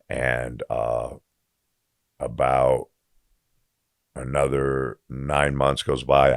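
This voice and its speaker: A man's voice: extremely low pitch, no room sound, studio quality. A man telling his story as a podcast guest in blunt, profane casual talk, acting out the dialogue as he goes.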